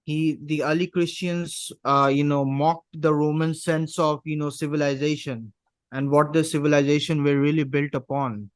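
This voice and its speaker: A man appearing as a guest on a podcast, his voice smooth and resonant and pitched a little high. He talks in a hesitant, casual way, often pausing and restarting as he searches for words. The sound is dry, with no room echo. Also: little pitch movement. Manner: hesitant, many fillers and restarts. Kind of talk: casual discussion.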